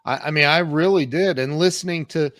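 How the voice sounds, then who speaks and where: Recorded clean in a studio without echo, a man in his fifties talks a little fast in a slightly high, fairly bright voice. He's a guest on a podcast, sharing his life story in a frank, emphatic manner and acting out conversations from his past during a casual interview.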